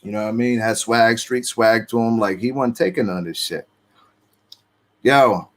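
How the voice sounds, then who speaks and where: Speaking at a moderate pace with a fairly low pitch, this man recounts his personal story in profane street slang, voicing other people's lines as he quotes them.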